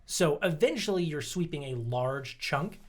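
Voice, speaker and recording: A man's voice: on the high side, animated, unhurried. A man co-hosting a casual podcast, explaining at length, laughing often and swearing casually. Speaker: podcast co-host. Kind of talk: casual chat.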